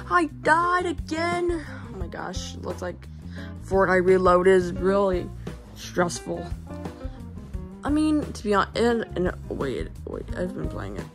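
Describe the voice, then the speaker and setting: A woman voicing a raging animatronic gamer boy. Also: mid-range voice. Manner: excitable, then whispering hoarsely after losing voice. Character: male animatronic gamer who rages at losing.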